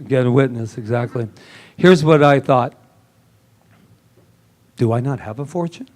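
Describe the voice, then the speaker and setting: A man preaching a lively sermon in a church service, joking and laughing often with the congregation. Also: medium pitch, a little slow. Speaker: minister.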